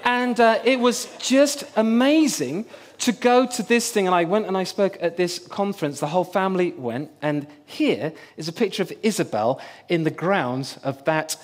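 A man's voice: high voice, normal speed. A middle-aged man preaching a sermon and telling a personal story with humor.

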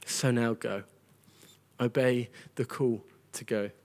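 A man's voice: medium pitch, steady tone, slow pace, a little mellow. A man preaching a sermon to a congregation, earnest and conversational, often repeating words as he goes. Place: church gathering with a congregation.

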